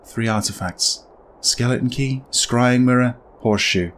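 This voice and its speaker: A man reading as a hushed, accusing dead wife. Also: medium pitch, lightly acted. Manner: soft, hushed, slow reading. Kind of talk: reading game dialogue aloud.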